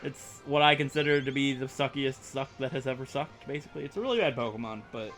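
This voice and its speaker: A man's voice: mid-range voice, quick pace, a bit bright, faint music behind. A young man rambling through let's play commentary, chatty and self-mocking as he plays. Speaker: gaming YouTuber.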